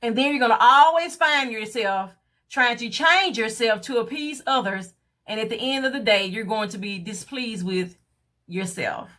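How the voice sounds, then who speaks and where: A woman's voice: fairly high pitch, normal speed, fairly bright tone. A young adult woman vlogging a candid, emphatic motivational talk about confidence, acting out what others said to her. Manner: candid, emphatic, acts out quoted voices.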